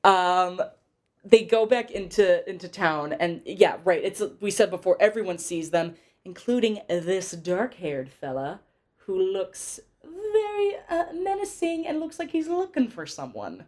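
A woman's voice: mid-range voice, very animated, measured pace, a little mellow. A woman co-hosting a casual film podcast, recapping the plot in a rambling way full of fillers. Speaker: podcast co-host. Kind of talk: casual film-review chat.

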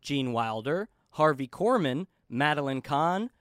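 A man's voice: on the high side, lively intonation, fairly bright tone, clear, resonant tone, no echo, studio quality. A man co-hosting a casual movie podcast, playful and giggly, rattling off lists of names. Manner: playful, giggly, listing quickly. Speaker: podcast co-host.

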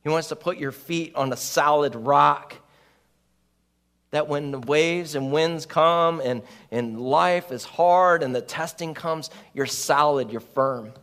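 A man's voice: fairly high pitch, slow pace, fairly bright tone. A male pastor preaching a sermon in an earnest, conversational way, often laughing at his own stories.

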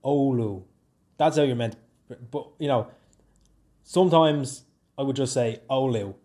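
Young Dublin Irish guy, solo podcast host, warm mellow tone, rambling and jokey. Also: moderate pace. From Ireland. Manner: rambling, jokey, lively swings in pitch and loudness. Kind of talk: casual solo podcast chat.

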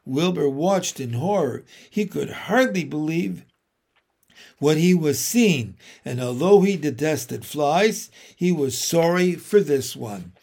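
Man reading a kids' storybook, slow and gravelly, voice sits a bit high. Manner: steady, measured storytelling. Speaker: narrator. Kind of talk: storybook read-aloud.

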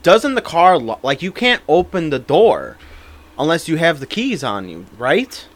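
A man's voice: on the high side, big pitch swings, unhurried, a bit bright. A young man co-hosting a podcast, rambling through stories in casual, profane chat full of fillers. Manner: rambling, filler-heavy storyteller. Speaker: podcast co-host.

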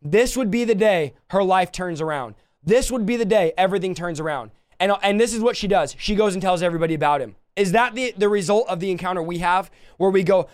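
A man preaching a livestreamed sermon, impassioned, swinging between soft and loud passages. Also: high-pitched, fast, few pauses, no echo.

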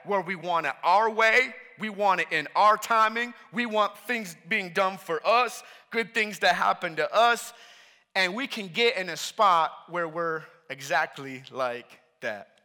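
A man in his thirties preaching a sermon in a church, telling a family story with animated, self-deprecating humor. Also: high-pitched, measured pace, in a large hall. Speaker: pastor.

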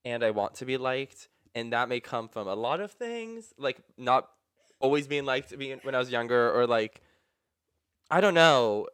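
Chatty guy with a lively voice. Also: mid-range voice, measured pace, clean tone. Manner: chatty, rambling, lots of "like". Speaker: podcast co-host. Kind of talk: casual chat.

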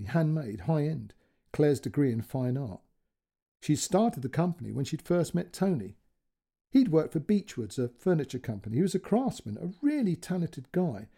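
A man narrating a short story in a gentle, emotive way, giving each character a voice. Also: a little high, vocal fry, husky. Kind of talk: scripted narration.

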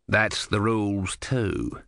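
A man's voice: lowish voice, takes it slowly, vocal fry, a bit bright, no room sound, studio quality, full character voice. A man voicing a small, stubborn male god trapped as a tortoise, blunt and insistent.

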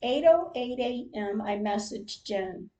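An older woman hosting a podcast, reading out a personal diary-style account in a slow, measured way, with emotional moments. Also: fairly high pitch, expressive, dark tone, poor audio. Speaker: podcast host.

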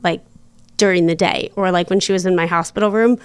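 A woman guest in a casual interview, chatty and quick to laugh, full of fillers. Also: fairly low pitch, fairly even intonation, clear, resonant tone, dry recording, studio quality. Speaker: podcast guest.

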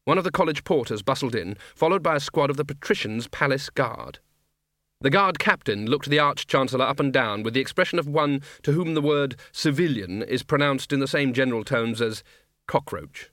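A man reading a comic fantasy audiobook in a dry, measured storytelling manner. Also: mid-range voice, expressive, a bit bright, no echo. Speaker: audiobook narrator. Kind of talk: scripted narration.

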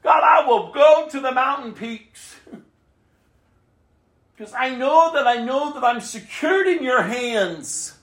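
A woman's voice: high voice, animated, takes it slowly. A woman preaching a sermon, emphatic, acting out the prayers she quotes. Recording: roomy echo.

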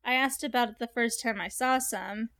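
High-voiced young woman, casual chat. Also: moderate pace. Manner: animated, laughing, curious, swears casually. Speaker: podcast host reading and reacting to a story. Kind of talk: casual chat with story reading.

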